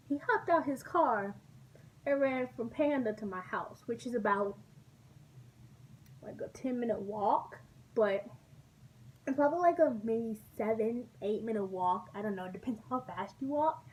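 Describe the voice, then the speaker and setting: A woman's voice: on the high side, a little slow. Texas woman doing a storytime vlog, laughs a lot, kinda far from the mic, light hiss behind. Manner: animated, laughing, chatty storytelling. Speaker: vlogger. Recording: distant mic with faint background noise.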